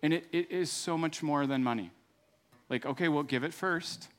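A man's voice: on the high side, normal speed, fairly bright tone. A middle-aged man preaching a sermon in an earnest, conversational way, then moving into a fervent prayer. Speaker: pastor.

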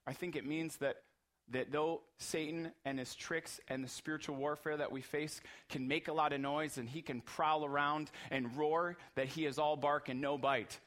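A male pastor with a somewhat high voice delivers an earnest sermon. He builds his points through repeated, emphatic phrases. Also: steady tone, moderate pace, a bit bright.

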